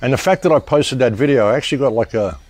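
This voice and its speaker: A man's voice: medium pitch, fast talker, darkish tone, dry recording. A man talking straight to his viewers in a casual monologue, rambling and emphatic, often restarting his sentences. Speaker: online commentator.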